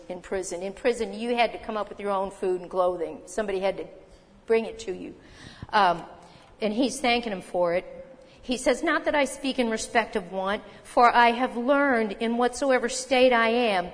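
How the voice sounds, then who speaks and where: A woman preaching a sermon, talking earnestly and emphatically, often asking the listeners rhetorical questions. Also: fairly high pitch. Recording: long reverb from a hall.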